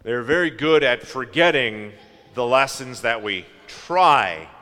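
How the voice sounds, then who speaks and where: A man preaching a sermon in a slow, reflective way, asking his listeners questions. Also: mid-range voice, expressive, bright, forceful tone, in a large hall.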